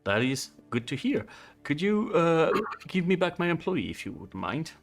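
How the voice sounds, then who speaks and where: A man's voice: a little high, big pitch swings, faint music behind, pitched above the performer's own voice, exaggerated voice. Man putting on an Italian-accented hotel manager. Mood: bargaining. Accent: Italian, put on. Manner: fast, smooth haggling. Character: brusque male hotel manager woken at night. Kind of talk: tabletop role-play voicing.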